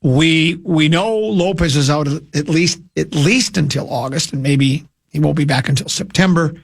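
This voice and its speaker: A man hosting sports talk radio, rambling and opinionated, with frequent halting restarts. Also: a little high.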